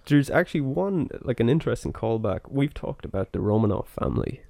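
A man's voice: mid-range voice, expressive, fairly quick, gravelly, a little mellow, no echo, clean studio sound. A man hosting a podcast in casual chat, chatty with many fillers. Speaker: podcast host.

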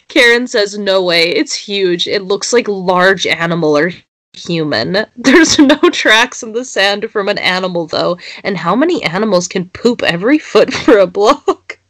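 A woman's voice: medium pitch, animated, a little slow, fairly bright tone, no room sound. A young woman, co-hosting a casual chat and reading social media posts aloud. She giggles and swears freely.

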